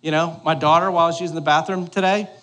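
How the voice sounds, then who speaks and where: A man's voice: on the high side, steady tone, fast talker, bright, forceful tone, slight background noise. A pastor in his thirties giving a sermon in a church hall, joking and conversational, often checking in with the congregation. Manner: joking, conversational, keeps asking "all right?".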